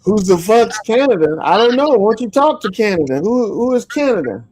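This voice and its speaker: High, animated man hosting a call. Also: brisk, low-quality recording. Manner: laughing, playfully stirring things up. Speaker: stream host. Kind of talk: casual call-in chat.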